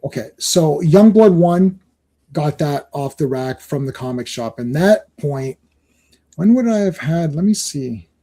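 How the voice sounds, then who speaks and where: A man's voice: fairly high pitch, expressive, measured pace, dark tone. A middle-aged man from Canada hosting a live stream, chatting casually and rambling with many restarts. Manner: rambling, self-interrupting, chuckling. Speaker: stream host.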